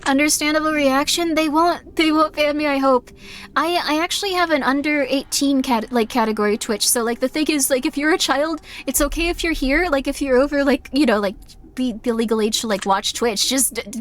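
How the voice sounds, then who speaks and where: A young woman streamer chatting casually while she plays, rambling with lots of fillers and self-deprecating asides. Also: high voice. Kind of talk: casual live-stream chat while gaming.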